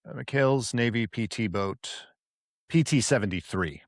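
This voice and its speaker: A middle-aged man co-hosting a podcast in casual chat, rambling and often pausing to search for words. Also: fairly low pitch, no room sound, clean studio sound. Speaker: podcast co-host.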